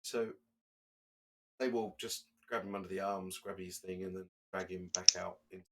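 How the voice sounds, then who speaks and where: A man with a low-pitched voice runs a tabletop game as its game master. He narrates loosely, stopping and restarting as he works out what happens. It is relaxed, unpolished table talk. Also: moderate pace, very noisy.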